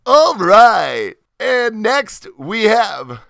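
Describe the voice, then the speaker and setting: A man's voice: very animated, extremely slow, gravelly, a bit bright, no echo, studio quality, full character voice. A man putting on an over-eager male game-show announcer voice for a mock show introduction. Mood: grandiose. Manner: booming, theatrical and drawn out. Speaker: host.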